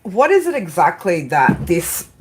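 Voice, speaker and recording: A woman's voice: on the low side, sing-song, a little slow, husky. An Australian woman doing a casual tarot reading, chatty and brash, swearing often and giggling. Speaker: tarot reader.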